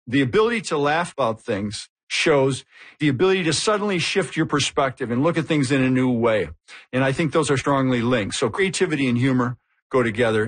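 A man speaking as an interview guest, reasoning in a thoughtful, measured way. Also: mid-range voice. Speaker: humor researcher guest.

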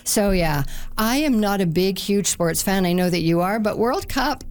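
A woman hosting a weekend radio show, bantering in a relaxed, friendly way. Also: medium pitch, moderate pace. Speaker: radio host. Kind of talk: casual radio chat.

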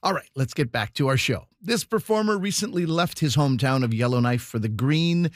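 A man's voice: medium pitch, lively intonation, fairly quick, dry recording, clean studio sound. A man hosting a comedy radio show, giving upbeat scripted links and promos. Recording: music bed under voice.

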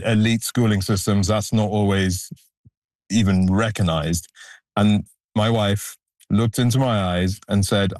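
A man with a fairly low voice speaks earnestly as a guest, reflective and emphatic, recorded close in a dry studio. He sounds like someone talking through his own story. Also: darkish tone, no echo. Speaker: photographer, guest. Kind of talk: conversational interview answers.

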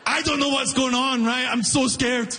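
A man performing a stand-up comedy set on stage, animated and acting out the people in his stories. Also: very high voice, normal speed, big-room sound. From not from Canada. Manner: animated, acts out characters in raised voice.

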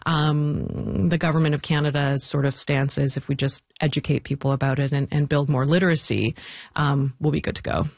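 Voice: medium pitch, moderate pace, vocal fry, no echo. Thoughtful interview guest, dry close sound. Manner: thoughtful, animated, with restarts and short laughs. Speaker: interview guest, technology policy commentator. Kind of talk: conversational interview.

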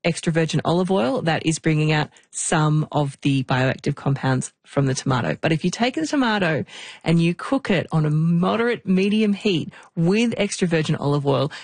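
A woman's voice: deep voice, a little mellow, no room sound. A woman hosting a podcast, friendly and playful, asking questions and summing up answers. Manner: friendly, playful, asks and sums up. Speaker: podcast host. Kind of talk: conversational podcast interview.

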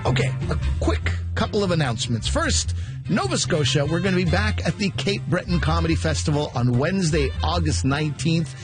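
A man's voice: fairly high pitch, big pitch swings, a little fast, over loud music. A man hosting a comedy show, reading upbeat promotional announcements. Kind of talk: scripted announcements.

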